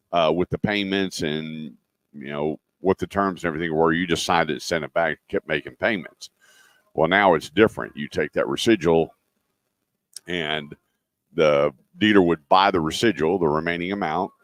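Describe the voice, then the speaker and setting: A man's voice: deep voice, dry recording. A middle-aged man hosting a live car radio show, telling folksy stories with lots of fillers. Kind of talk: live radio talk with dealership promos. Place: live remote broadcast at a dealership.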